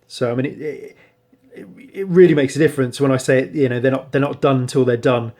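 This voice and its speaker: A man talks through his hobby work in a relaxed, rambling way, stopping often to correct himself. His voice sits at an ordinary middle pitch. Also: brisk. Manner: relaxed, rambling, frequent ums and self-corrections. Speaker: hobbyist showing painted miniatures. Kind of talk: casual show-and-tell narration.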